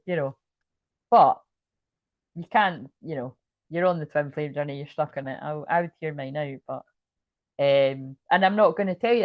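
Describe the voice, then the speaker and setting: A woman's voice: lowish voice, no room sound, highs cut off. A woman giving a live tarot reading in a loose, rambling way. She swears casually and keeps checking in with her listeners. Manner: keeps checking in with "you know what I mean". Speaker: tarot reader.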